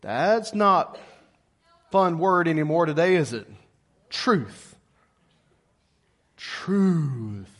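A middle-aged man preaching a sermon as pastor, lively and calling on the congregation to answer back. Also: on the high side, measured pace, pauses often. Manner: lively, calls congregation to respond.

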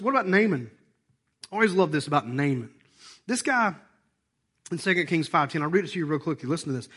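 A man preaching a sermon in church, animated and hoarse, with a worn-out voice. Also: a little high, fast, pauses often. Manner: animated, acts out voices and asides. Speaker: pastor.

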